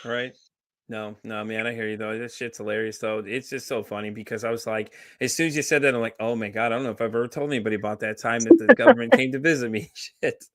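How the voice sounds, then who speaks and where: A man hosting a podcast, telling a story in casual chat with lively energy and frequent swearing. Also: medium pitch, quick pace. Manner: animated storyteller, swears freely. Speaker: podcast host.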